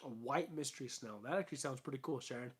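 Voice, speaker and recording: A man's voice: medium pitch, fast, a little hiss or hum. Chatty man rambling on a home stream. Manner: rambling, chatty, fillers and restarts. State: losing his voice. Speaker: aquarium channel host. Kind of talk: casual live stream chat. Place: home fish room, indoors.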